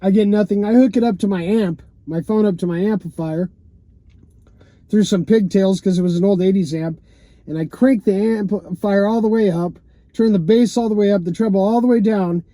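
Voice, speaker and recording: Warm and sitting high in pitch, this man's voice comes through with no echo as he vlogs a personal tale from a parked car. He talks at a moderate clip in a rambling way, leaning on "you know" and "man" and swearing casually.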